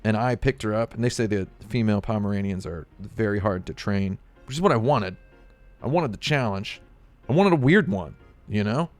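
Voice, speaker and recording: A man's voice: lowish voice, brisk, no echo, faint music behind. A man streaming live, chatting casually and rambling with jokey asides to his chat.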